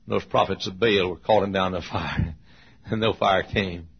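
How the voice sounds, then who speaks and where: A male pastor preaching a sermon with emotional storytelling, swinging from hushed tones to shouts. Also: deep voice, steady tone, a little slow, slightly rough. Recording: dull lo-fi sermon recording.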